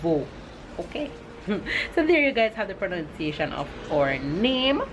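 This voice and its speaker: Slow-talking Jamaican woman vlogger. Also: medium pitch, sing-song. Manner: laughs often, slow deliberate pronunciation. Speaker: vlogger host. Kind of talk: casual vlog chat. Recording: noisy ambient background.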